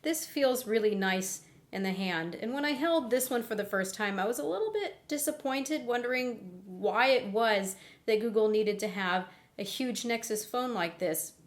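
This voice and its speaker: A woman's voice: fairly high pitch, expressive, normal speed, few pauses. A young woman giving a candid, conversational phone review while getting over laryngitis. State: recovering from laryngitis. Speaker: tech reviewer. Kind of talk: casual product review.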